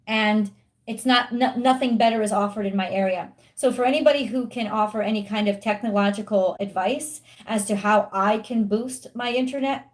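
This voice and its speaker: A woman's voice: mid-range voice, normal speed. A woman giving a live-streamed tarot reading, chatty with viewers, frustrated and swearing openly about her internet.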